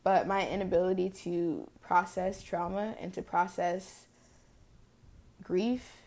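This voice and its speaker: A woman's voice: fairly low pitch, level tone, slow pace, a little mellow. Reflective young woman telling a personal story. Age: early 20s. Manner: casual, reflective, frequent "like" fillers. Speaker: podcast host.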